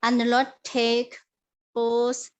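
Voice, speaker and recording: Slow woman reciting a memorized passage. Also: fairly high pitch, completely flat delivery, highs cut off. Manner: careful, measured recitation. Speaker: student.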